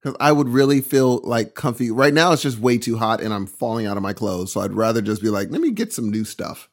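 A man co-hosting a casual chat, animated and easily amused. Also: mid-range voice, fairly quick. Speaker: podcast co-host.

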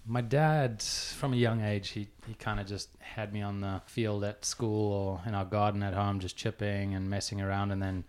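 A man from South Africa, a professional golfer, answering interview questions in a quiet sauna. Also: fairly low pitch, fairly even intonation, normal speed, few pauses, clear, resonant tone. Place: sauna in a locker room.

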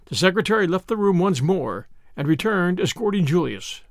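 A man hosting and reading an audiobook in a measured, expressive storytelling manner. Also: high-pitched, dry recording, clean studio sound. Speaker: audiobook host and reader. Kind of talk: audiobook narration.

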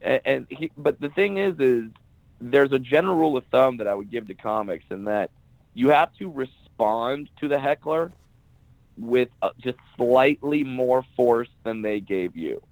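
A man's voice: medium pitch, unhurried, darkish tone, no echo, rough recording. Blunt, profane man telling comedy stories. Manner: profane, blunt and joking, acts out quoted people. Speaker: stand-up comedian guest. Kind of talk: casual podcast interview, storytelling.

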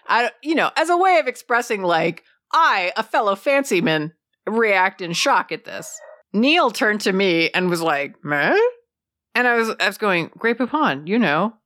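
Animated woman chatting on a podcast. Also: lowish voice, no room sound, clean studio sound. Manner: animated, swears freely, acts out quotes. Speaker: podcast co-host. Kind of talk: casual chat.

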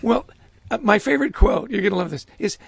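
High, gravelly-voiced man telling stories. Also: fairly quick, no room sound. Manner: animated storyteller, acts out quotes, laughs often. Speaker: guest author. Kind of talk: conversational podcast interview.

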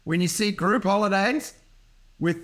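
High-voiced, laughing comedian. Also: male voice, a little slow, fairly bright tone. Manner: rambling, laughing and swearing. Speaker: comedian and podcast host. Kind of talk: casual podcast chat.

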